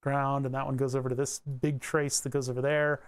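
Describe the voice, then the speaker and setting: A man giving a casual electronics tutorial, thinking aloud as he traces a circuit board, rambling and joking and grumbling wryly about his software. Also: mid-range voice, little pitch movement, a little fast, clean tone. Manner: rambling, joking, mutters while drawing. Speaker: electronics hobbyist explaining circuit tracing.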